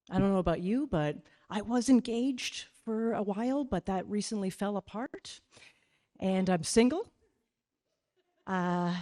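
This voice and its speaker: A woman's voice: medium pitch, warm tone, natural voice. A woman voicing a casual, blunt young man on the phone in a live comic story, offhand and laid-back.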